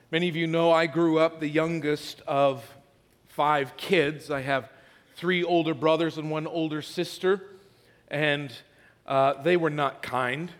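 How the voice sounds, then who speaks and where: A middle-aged man preaching in a church sanctuary, and his voice sits high for a man. He tells stories with self-deprecating humor and repeats himself as he builds a point. A long reverb trails off each phrase. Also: fairly even intonation, measured pace. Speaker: pastor. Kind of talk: sermon. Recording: hall reverb.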